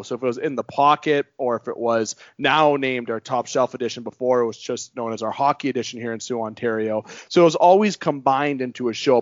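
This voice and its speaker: A man's voice: no echo, lo-fi sound. Hyped sports podcast host guy. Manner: hyped, promotional delivery with big pitch jumps. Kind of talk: sports talk show hosting.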